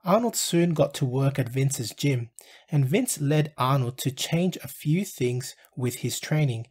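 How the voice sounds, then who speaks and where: A man hosting his own channel, reading a scripted documentary narration in a measured storytelling delivery. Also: mid-range voice, darkish tone, husky.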